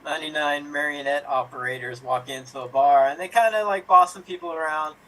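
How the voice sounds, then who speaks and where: A man's voice: a little high, brisk, a bit bright, recorded from a distance, low-quality recording. A man playing in an online improv comedy game, telling jokes and working them out as he speaks. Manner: thinks aloud, unsure delivery. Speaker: improv player.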